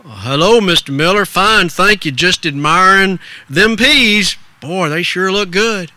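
A man's voice: high-pitched, measured pace, pushed and bright, no echo, exaggerated voice. A man voicing a small, ragged, hungry boy who speaks politely in a folksy rural way. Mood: bashful, polite. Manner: folksy rural talk, earnest and bashful.

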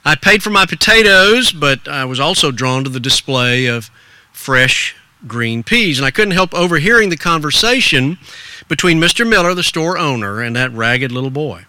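An older man, a pastor, preaching an earnest sermon in a storytelling way. He drops to soft hushes, then rises with stirring emphasis. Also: on the high side, lively intonation, normal speed, no echo.

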